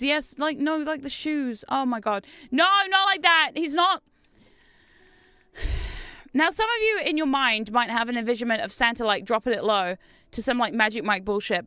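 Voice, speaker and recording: An Australian woman streaming a game, chatting casually with viewers in an excitable, talkative way and laughing often. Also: fairly high pitch, clear, resonant tone, no room sound. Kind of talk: casual gameplay chat with viewers.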